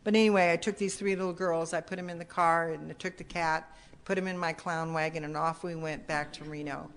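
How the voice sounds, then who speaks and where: A woman's voice: low-pitched, fairly even intonation, a little fast. Older woman, recovery meeting speaker, rambling testimony full of restarts and asides. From United States. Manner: rambling, restarts often, many "you know"s. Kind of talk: personal testimony talk. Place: meeting hall.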